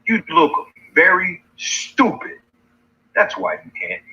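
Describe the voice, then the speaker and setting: A man's voice: on the high side, huge pitch swings, takes it slowly, pushed and bright. A man hosting a livestream, mocking and challenging his critics in a taunting rant. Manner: mocking, challenging, repeats insults. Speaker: livestream host. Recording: dull lo-fi stream audio.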